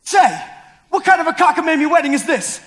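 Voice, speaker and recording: A man's voice: very high voice, very animated, full character voice. A young man playing a blustering, panicky producer. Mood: frantic. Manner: blustering, loud, rapid. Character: frantic fast-talking producer, man, weak heart. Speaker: stage actor. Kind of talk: live stage musical acting. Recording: reverberant school auditorium.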